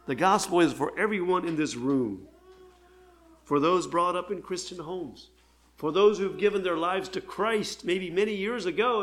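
An older man, a pastor, preaching an earnest, heartfelt sermon with pauses. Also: fairly high pitch, fairly bright tone.

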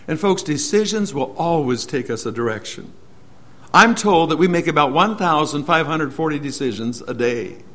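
A man preaching a sermon as an earnest storyteller, moving between loud emphasis and hushed, slowed lines. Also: fairly high pitch, expressive.

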